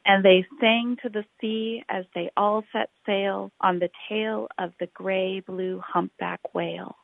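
A woman reading a children's picture book aloud, rhythmic and expressive, drawing out her phrases. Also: mid-range voice, takes it slowly, vocal fry, dry recording. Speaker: storyteller. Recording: tinny phone-like recording.

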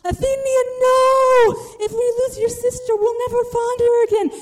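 A woman voicing a panicked young man who yells after a friend. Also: very high voice, little pitch movement, normal speed, in a large hall, soft background music, voice pushed up.

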